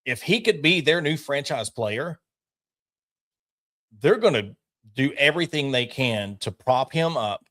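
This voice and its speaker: A man co-hosting a casual sports podcast, animated and opinionated, talking in quick bursts. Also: medium pitch. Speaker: podcast co-host.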